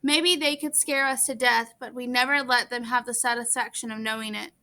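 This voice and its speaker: A woman's voice: on the high side, fairly even intonation, a little fast, sharp tone. A woman reading a novel aloud in first person, earnest, with small stumbles now and then. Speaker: audiobook reader.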